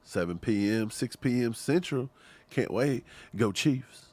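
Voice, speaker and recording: A man's voice: mid-range voice, unhurried. A man from Kentucky co-hosting a fan show, joking in casual livestream banter. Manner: animated, joking.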